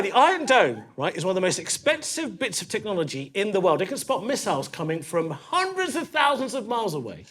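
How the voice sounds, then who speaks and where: A man with a London accent does stand-up in a comedy club, talking in a high voice with a lot of movement. He is conversational and punchy and throws quick asides to the crowd. The live recording has a noisy audience behind him. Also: bright, forceful tone. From East London.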